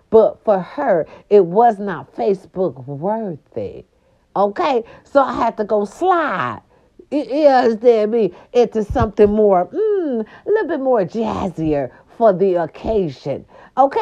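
Sassy animated woman telling a story. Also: mid-range voice, a little slow. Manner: animated, sassy, talks to viewers as "baby". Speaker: vlogger. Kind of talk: casual storytelling to viewers. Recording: dull lo-fi sound with faint music behind. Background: faint music.

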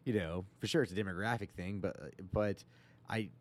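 Hesitant low-voiced American man. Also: moderate pace. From United States. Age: 40s. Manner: hesitant, musing, repeats words. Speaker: podcast co-host. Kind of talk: casual chat.

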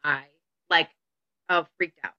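A woman's voice: deep voice, steady tone, takes it slowly, no echo, dull audio. A woman talking as a podcast guest, chatty and giggly, leaning on "like" as she talks. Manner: chatty, uses "like" a lot, giggly. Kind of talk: casual podcast chat.

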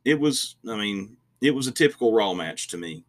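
A man's voice: fairly low pitch, expressive, moderate pace. A man co-hosting a casual wrestling podcast, rambling and opinionated, often restarting his sentences. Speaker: podcast co-host.

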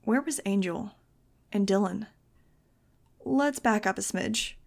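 A woman's voice: mid-range voice, slow pace, creaky. A woman reading a novel aloud in first person, with a wry, sarcastic delivery. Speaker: audiobook reader.

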